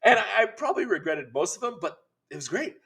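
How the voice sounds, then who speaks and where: Upbeat man telling an animated story. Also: high voice. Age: middle-aged. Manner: animated, laughing storyteller with quick asides. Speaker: podcast co-host. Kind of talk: casual chat, storytelling.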